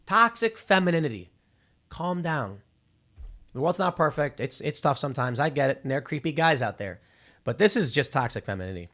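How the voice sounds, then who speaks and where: Animated male host, lively rambling commentary. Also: fairly high pitch, fairly quick. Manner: rambling, repeats words when restarting; acts out quoted people in exaggerated voices. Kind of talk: casual opinion commentary.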